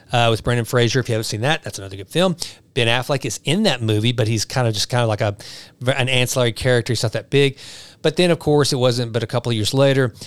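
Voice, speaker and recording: A man's voice: mid-range voice, smooth, no echo. A man in his forties, from Texas, talking casually and enthusiastically in a rambling monologue with many restarts. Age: 40s. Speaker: vlogger.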